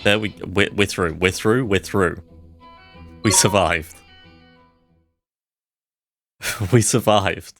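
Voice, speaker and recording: A man's voice: low-pitched, fairly even intonation, slow, pauses often, a bit bright, faint music behind. A man streaming a game live, chatting casually and thinking aloud as he plays. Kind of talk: casual live gameplay commentary.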